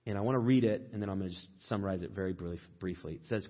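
A male pastor delivering a sermon in a relaxed, conversational manner, now and then mimicking a complaining voice. His voice is husky, and the recording sounds dull and lo-fi. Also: rapid-fire, few pauses. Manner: conversational, acts out quoted complaints in a higher voice.

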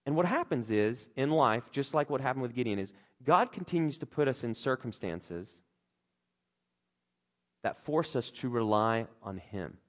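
A man preaching a sermon, acting out scripture characters with big swings in his voice. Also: normal speed. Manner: animated, acts out characters' lines with big pitch swings. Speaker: pastor.

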